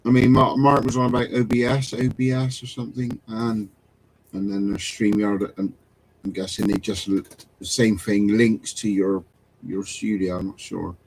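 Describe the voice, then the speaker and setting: A man's voice: fairly low pitch, level tone, normal speed, a little hiss or hum, rough recording. A man chatting casually on a live stream about ghost hunting gear, self-deprecating and full of restarts. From England. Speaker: paranormal investigator on a live stream chat.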